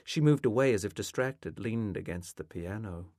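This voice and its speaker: Male author reading his own fiction: low voice, lively pitch, dry close-miked sound. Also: moderate pace, no room sound. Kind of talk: reading a literary novel aloud.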